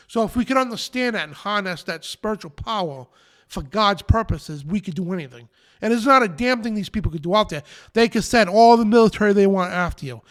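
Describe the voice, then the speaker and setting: A man's voice: high-pitched, animated, fairly quick, a bit bright. A man hosting a live show, preaching in an emphatic, defiant rant and repeating his phrases. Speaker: show host.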